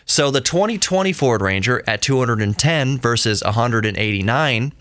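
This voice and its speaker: A man's voice: mid-range voice, lively intonation, normal speed, a bit bright, dry recording, clean studio sound. A man hosting a solo podcast, rambling conversationally and often correcting himself mid-sentence. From United States. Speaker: podcast host.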